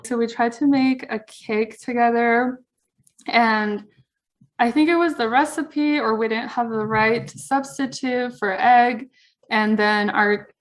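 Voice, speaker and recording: A woman's voice: on the high side, steady tone, takes it slowly. A woman chatting casually as a podcast guest, earnest and rambling, with lots of fillers. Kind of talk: casual chat.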